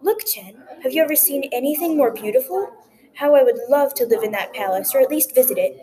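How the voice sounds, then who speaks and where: A woman's voice: high-pitched, lively intonation, fairly quick, mellow, voice pushed up. A woman reading as a wistful, dreamy widow. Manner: wistful, yearning. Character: dreamy widow weaver, longing and devoted.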